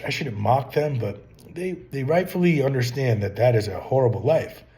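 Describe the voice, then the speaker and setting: Middle-aged man, mellow warm tone, casual advice monologue, rambling, rhetorical questions. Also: medium pitch, very animated, normal speed. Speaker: channel host giving business advice.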